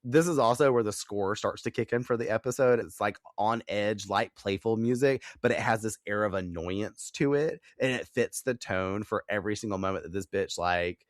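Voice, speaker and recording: Picture a man co-hosting a podcast and recapping an episode in a loose, profane, animated ramble. His voice sits a touch low. The sound is close and dry. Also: dry recording. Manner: animated, profane, quick-talking. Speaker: podcast co-host. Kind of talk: casual recap chat.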